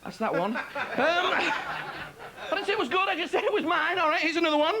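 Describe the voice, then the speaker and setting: A man with an extremely high, lively voice performs a stand-up comedy magic routine at a fairly quick clip. He's talkative and pokes fun at himself, laughing at his own gags, all heard through the hiss of a 1990s TV broadcast.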